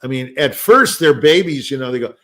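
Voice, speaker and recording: An older man hosting a podcast tells rambling anecdotes in casual discussion, full of restarts and fillers like "you know." His voice is medium-pitched, expressive, fairly quick and a bit bright.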